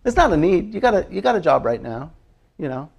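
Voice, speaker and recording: A man preaching a casual, animated sermon, chatty and laughing often as he acts out little prayers. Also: sits high, a little fast, creaky, breathy edge. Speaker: pastor.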